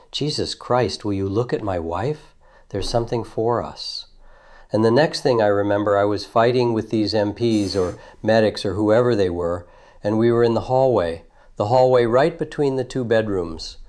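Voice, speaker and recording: A man in his thirties giving grand jury testimony, recounting a night in halting detail and often repeating himself. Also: lowish voice, darkish tone. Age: 30s. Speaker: witness testifying. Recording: old archival audio.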